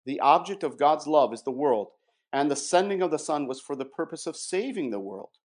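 A man giving a measured, emphatic theological explanation and reading passages aloud. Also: a little high, animated, a little mellow. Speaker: guest presenting doctrine. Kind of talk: explanatory theological talk with read quotations.

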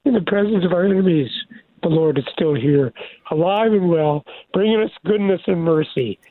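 An older man, a pastor and radio guest, talking through scripture in an animated, preacherly way with many restarts, over a phone line. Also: high voice, normal speed. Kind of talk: devotional radio talk.

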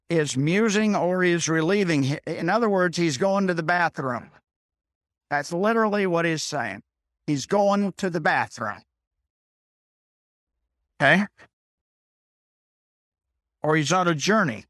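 A man's voice: on the high side, lively intonation, fairly bright tone, no echo, studio quality. A man reading a Bible passage aloud and stopping to explain it in plain, everyday words, repeating his points and checking in with "okay?". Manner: reads scripture slowly, stops to explain in plain words. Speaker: preacher.

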